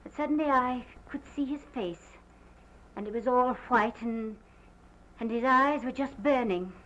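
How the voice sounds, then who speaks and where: An actress playing a distraught planter's wife who gives a halting, theatrical statement in an early sound film. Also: female voice, fairly high pitch, fairly bright tone. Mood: shaken. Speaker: witness giving a statement. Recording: muffled 1929 film sound with faint hiss.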